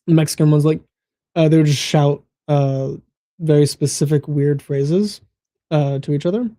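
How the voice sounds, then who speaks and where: An American man in his thirties, co-hosting a casual podcast and telling stories in a relaxed, rambling way with fillers and laughs. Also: a little high, moderate pace, no room sound, clean studio sound. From United States. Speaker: co-host.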